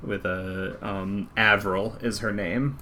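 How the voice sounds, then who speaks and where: Man, game master, tabletop narration, bright tone, faint keyboard noise. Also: on the low side, slow pace. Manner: relaxed, rambling wrap-up with fillers.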